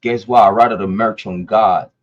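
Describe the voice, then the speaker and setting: A man's voice: fairly low pitch, steady tone, moderate pace. A man from Ohio giving an angry, profane rant to the camera as a YouTube commentator, often stumbling and repeating words. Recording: dull lo-fi audio.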